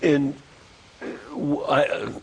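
An older man interviewing a guest, speaking slowly and haltingly with frequent restarts. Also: a little high, fairly even intonation, creaky, a little hiss or hum, rough recording. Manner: slow, halting, with many restarts. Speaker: interviewer, former teacher. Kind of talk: interview conversation.

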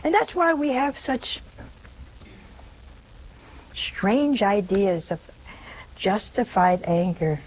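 A nun giving a spiritual talk in a conversational, gently teasing way, often checking in with her listeners with rhetorical questions. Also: mid-range voice, sing-song, takes it slowly, long pauses, slight background noise, rough recording.

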